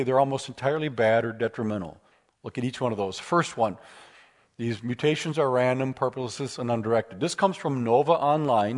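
A man giving a lecture with slides at a seminar, animated and telling humorous stories. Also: medium pitch. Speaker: speaker at a seminar.

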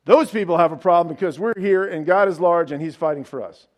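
A pastor preaching a sermon, retelling a story in a casual way with asides and rhetorical questions. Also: male voice, high-pitched, quick pace.

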